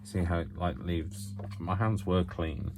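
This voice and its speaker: A man with a deep, low voice talks through a craft tutorial at home, chatty and loose, often mocking himself as he goes. A faint hiss sits under the recording. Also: unhurried. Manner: rambling, self-mocking asides. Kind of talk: chatty hands-on demonstration.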